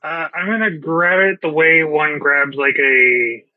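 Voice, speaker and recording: A man's voice: on the high side, steady tone, unhurried, narrow, tinny audio. A man playing a tabletop game, talking in an easygoing, chatty way with fillers. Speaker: player. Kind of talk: casual tabletop game play.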